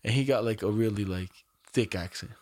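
A man's voice: on the low side, a little fast, darkish tone, no echo, clean studio sound. Young man rambling through a slangy story. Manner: rambling storyteller, slangy and profane, full of fillers. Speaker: podcast host. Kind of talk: casual podcast chat.

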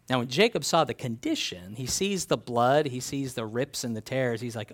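A man's voice: mid-range voice, expressive, normal speed, hardly any pauses. A man preaching a sermon in a conversational, earnest way, reading scripture aloud and explaining it. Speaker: pastor.

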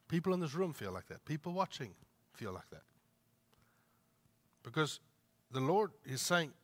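A man's voice: fairly high pitch, big pitch swings, moderate pace, long pauses. A man preaching a sermon, emphatic, repeating his points and asking the listeners rhetorical questions. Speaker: pastor.

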